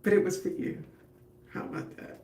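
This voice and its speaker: Her dark-toned voice comes at a moderate pace and sounds off-mic, with roomy echo around it. The middle-aged woman is a livestream host who does her hair on camera, talking chattily to her viewers, partly about her faith.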